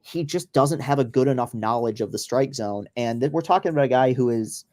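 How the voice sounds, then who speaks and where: A man's voice: mid-range voice, brisk, a little mellow. A man hosting a casual podcast, chatting loosely over a live baseball game with profane, rambling asides. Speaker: podcast host.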